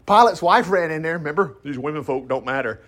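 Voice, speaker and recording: Talking fast in an expressive, slightly bright voice on the high side, this pastor reads passages aloud during a casual Bible study sermon. He riffs on them conversationally, folksy and full of asides.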